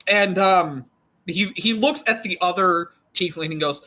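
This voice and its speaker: A man's voice: high voice, unhurried, pushed and bright, low-quality recording. A man narrating a tabletop game as game master, in a loose, joking way with frequent laughs.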